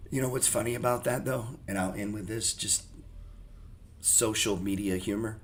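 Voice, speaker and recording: Low-voiced man rambling casually. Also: measured pace, slight background noise. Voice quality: rambling, profane, loose and joking. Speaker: trading channel host. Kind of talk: casual unscripted livestream chat.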